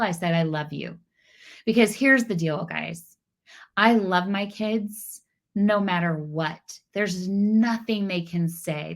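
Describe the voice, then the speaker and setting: A middle-aged woman giving a casual parenting talk, animated and acting out exchanges with her kids. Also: lowish voice. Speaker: parenting speaker.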